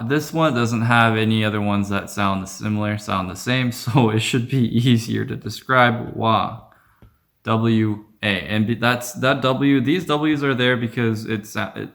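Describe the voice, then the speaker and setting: Male teacher, low and gravelly, unhurried casual lesson delivery with demonstrated sounds. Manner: relaxed, repeats sounds slowly to demonstrate. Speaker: Korean language teacher.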